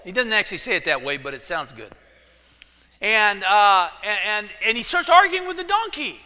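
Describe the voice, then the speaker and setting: Joking pastor with a bright voice. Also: male voice, sits high, lively intonation, normal speed. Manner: casual storytelling with jokes. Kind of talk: sermon. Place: church sanctuary. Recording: echoey church hall.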